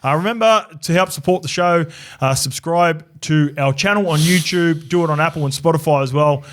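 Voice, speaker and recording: A man's voice: on the high side, a little fast, slight background noise. A man from New Zealand co-hosting a sports podcast, chatting casually with frequent restarts and swearing. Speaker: podcast co-host.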